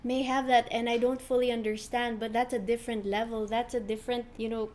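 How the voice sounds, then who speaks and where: A woman speaking as a podcast guest, reflective and earnest in a measured way. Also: fairly high pitch, little pitch movement, darkish tone. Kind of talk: conversational interview.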